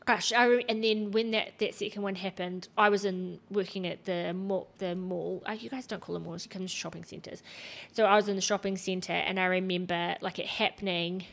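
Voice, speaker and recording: A woman in her thirties from New Zealand, a podcast guest in casual chat, telling her story in an animated way and acting out what other people said. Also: mid-range voice, normal speed, creaky.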